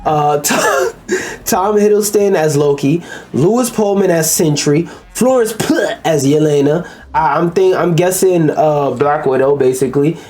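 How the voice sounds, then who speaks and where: A man's voice: fairly high pitch, unhurried, a little mellow, faint music behind. A man giving casual, crude reaction commentary, rambling and stumbling over names as he reads through a list. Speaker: commentary YouTuber.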